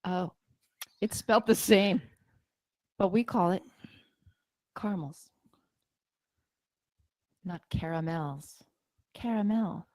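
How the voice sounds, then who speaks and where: A Canadian woman co-host banters in casual chat, asking quizzical questions in a slightly low voice. The sound is dry and close. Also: slow pace, pauses often, darkish tone, dry recording.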